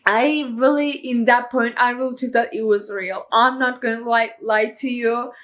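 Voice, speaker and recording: A woman with a rather high voice talks through a film in a casual vlog review. She is chatty and openly emotional, and she keeps looping back with "you know" and "like" as she goes. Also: fairly even intonation, moderate pace, a bit bright. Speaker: movie reviewer.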